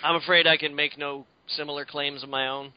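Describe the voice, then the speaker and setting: Animated man, dull dry sound. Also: fairly high pitch, brisk. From Canada. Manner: rambling, profane, animated. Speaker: podcast co-host. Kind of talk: casual podcast chat.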